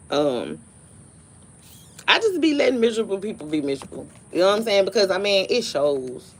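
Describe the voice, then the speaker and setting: A woman's voice: mid-range voice, very animated, brisk, slight background noise. A woman hosting a live stream, ranting in a blunt, profane, dismissive way and telling stories with animation. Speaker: livestream host. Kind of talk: casual live-stream rant.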